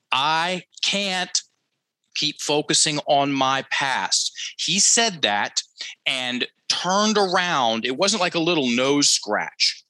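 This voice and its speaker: A man's voice: medium pitch, pushed and bright, no echo, rough recording. A man coaching on a headset mic, telling a client story in casual talk, acting out the quotes and often repeating himself.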